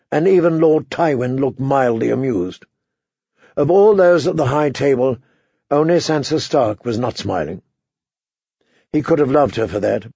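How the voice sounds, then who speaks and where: Gravelly man narrating a fantasy story. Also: medium pitch, a little mellow, dry recording, muffled recording. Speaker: audiobook narrator. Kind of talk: scripted narration.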